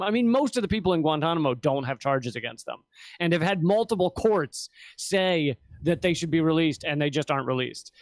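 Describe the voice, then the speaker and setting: A man in casual political talk, rambling and animated, swearing now and then. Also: brisk, no room sound. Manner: rambling, animated, swears, mimics officials in a high voice.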